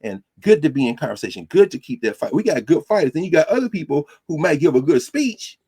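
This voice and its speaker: A man hosting a podcast as a teacher, lecturing in a preacherly, animated way. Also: a little high, fast, husky. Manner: preacherly, animated, mixing quotes and asides. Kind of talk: lecture-style commentary.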